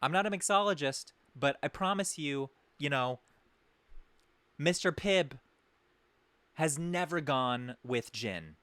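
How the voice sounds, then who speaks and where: A man's voice: on the high side, animated, takes it slowly, pauses often, fairly bright tone, dry recording. A man hosting a podcast, telling a story in a rambling, sarcastic way, often correcting himself mid-sentence. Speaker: podcast host. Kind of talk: comedic storytelling.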